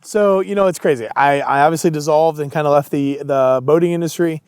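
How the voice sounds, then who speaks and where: A man's voice: fairly high pitch, a little fast, a little mellow, clear, resonant tone, no echo, clean studio sound. A young adult man, an entrepreneur guest in an interview, telling his story casually and acting out both sides of past conversations.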